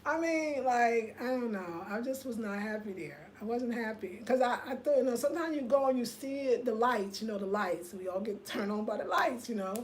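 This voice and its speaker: Woman host, animated storyteller talking to viewers, higher voice, faint background noise. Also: normal speed, hardly any pauses. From United States. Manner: animated storytelling, talks straight to viewers, reads comments aloud. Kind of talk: casual livestream rant.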